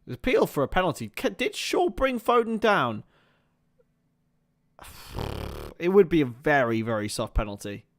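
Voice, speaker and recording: A man in a slightly high register calls a football match live for his stream. He lurches from excitable play-by-play into loose, chatty asides and swears offhandedly. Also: normal speed, long pauses. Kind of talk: casual live match commentary.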